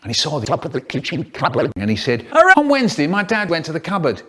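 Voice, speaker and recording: A man spinning a surreal, nonsensical comic tale, slipping from deadpan into sudden outbursts. His slightly higher voice jumps around a lot as he tells it. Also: quick pace, husky. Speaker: comedic storyteller. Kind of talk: absurd comic monologue.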